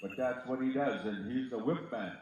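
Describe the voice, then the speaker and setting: A man's voice: mid-range voice, moderate pace, darkish tone, muffled recording, a little hiss or hum. A man announcing at a powwow, joking with the crowd and calling out names over a PA. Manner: joking, teasing, calls out names. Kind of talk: live event announcing on a PA. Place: outdoor powwow arbor. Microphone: PA microphone heard from far off. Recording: distant PA voice in an echoey outdoor space.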